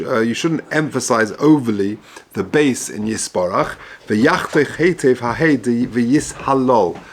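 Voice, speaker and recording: Male rabbi teaching a text lesson, reading and translating line by line, steady mid pitch, unhurried. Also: slight background noise. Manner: reads Hebrew-Aramaic text then explains in English, measured and halting.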